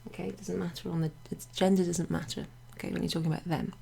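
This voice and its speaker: Husky, gravelly woman teaching French grammar. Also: lowish voice, level tone, quick pace, mellow. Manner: chatty, with many fillers and asides. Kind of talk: casual explanatory lesson. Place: home near a greenhouse.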